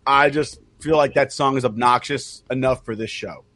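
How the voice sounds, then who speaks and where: A young man co-hosting a casual podcast, telling animated, profane stories and acting out the voices in them. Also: mid-range voice, normal speed, no echo. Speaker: podcast co-host. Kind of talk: casual chat, storytelling.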